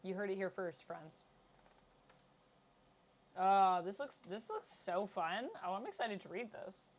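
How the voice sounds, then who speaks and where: A woman hosting a casual chat, chatty and excitable, laughing easily. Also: medium pitch, measured pace. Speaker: host.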